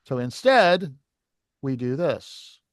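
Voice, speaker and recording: A man's voice: mid-range voice, big pitch swings, slow, no echo, studio quality. A man teaching a licensing class, explaining step by step at a whiteboard and asking the students questions.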